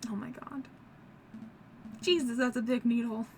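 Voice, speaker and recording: Woman reacting to a game, high voice. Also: steady tone, unhurried, a little hiss or hum. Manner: reactive, exclaiming. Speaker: let's play host. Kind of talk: casual game commentary.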